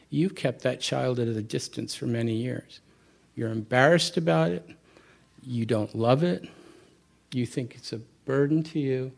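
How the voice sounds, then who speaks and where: A middle-aged man leads a Buddhist talk before a live audience. His pitch sits in the ordinary middle range for a man. He speaks candidly and conversationally, telling a personal story with self-deprecating asides and frequent restarts. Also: gravelly. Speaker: Buddhist teacher.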